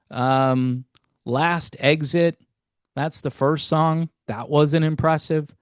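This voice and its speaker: A man's voice: fairly high pitch, clear, resonant tone, no room sound, clean studio sound. A man hosting his own channel, giving a casual, rambling and self-deprecating album review in a folksy way.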